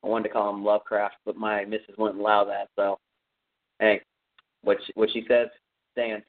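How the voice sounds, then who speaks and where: A man's voice: fairly low pitch, monotone, moderate pace. A man hosting a podcast from his home, recapping a horror film in a casual, rambling way with lots of fillers. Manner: rambling, many fillers, conversational. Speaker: podcast host. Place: home room with a cat. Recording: phone-like narrow sound.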